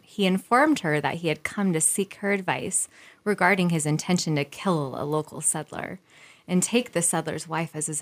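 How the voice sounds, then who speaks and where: Lively woman reading a history tale. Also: lowish voice. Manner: lively, breaks off to joke and laugh. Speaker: co-host. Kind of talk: reading a history story aloud.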